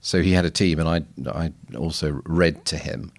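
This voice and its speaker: Man, low voice, podcast guest, thoughtful and anecdotal, restarts often. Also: fairly even intonation, moderate pace, creaky. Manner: reflective, anecdotal, frequent restarts. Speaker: guest missiologist. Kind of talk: casual podcast conversation.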